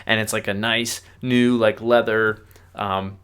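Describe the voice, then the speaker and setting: A man's voice: lowish voice, level tone, slow pace, fairly bright tone, clean tone. A man co-hosting a pop culture podcast, summarizing TV episodes in a rambling casual way. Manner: rambling summaries full of fillers. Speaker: podcast co-host. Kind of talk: casual chat.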